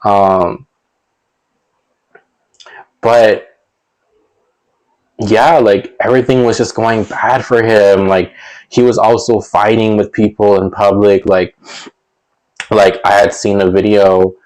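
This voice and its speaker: Young guy rambling through a storytime, lowish voice, lots of likes and ums, little laughs. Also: level tone, slow, pauses often, darkish tone, rough recording. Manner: rambling, many fillers and restarts; chuckles between sentences. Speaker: storytelling vlogger. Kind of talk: casual storytime monologue.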